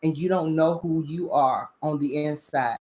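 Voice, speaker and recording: Host, woman, lowish voice, blunt and profane spiritual commentary, keeps asking "you understand?". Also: normal speed, mellow. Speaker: spiritual talk show host.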